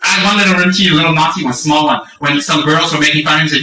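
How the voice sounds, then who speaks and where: A middle-aged man giving a Dharma talk, candid and self-mocking, acting out lively stories. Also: a little high, very fast, recorded from a distance, crowd noise. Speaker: Buddhist teacher. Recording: roomy echo from off-mic.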